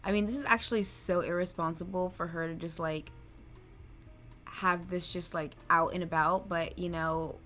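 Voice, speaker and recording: A young woman narrating her life-sim game let's play in an excitable, dramatic way, full of gasps and exclamations. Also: lowish voice, moderate pace, soft background music.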